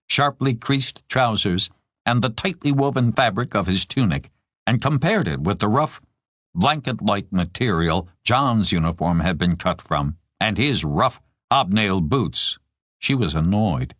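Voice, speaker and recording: A man narrating a war novel audiobook in measured, expressive storytelling. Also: fairly low pitch, dry recording, studio quality. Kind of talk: scripted narration.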